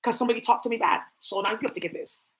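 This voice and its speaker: A woman hosting a tarot stream, talking in a blunt, profane, animated rant, often talking to herself. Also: fairly high pitch, very fast. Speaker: tarot livestream host. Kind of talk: casual ranting monologue.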